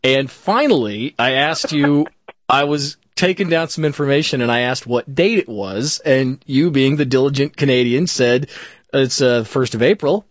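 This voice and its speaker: A man's voice: mid-range voice, animated, normal speed, no echo, muffled recording. A man hosting a podcast, joking and laughing as he tells a story. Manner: jokey, laughs often, storytelling. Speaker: podcast host. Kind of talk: casual chat.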